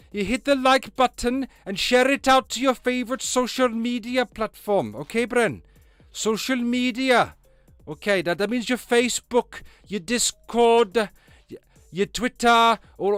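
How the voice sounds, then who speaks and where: A man putting on a loud, sing-song Welsh accent. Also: extremely high pitch, clear, resonant tone, no echo, voice pushed up. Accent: Welsh (put on). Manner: shouty, sing-song, theatrical.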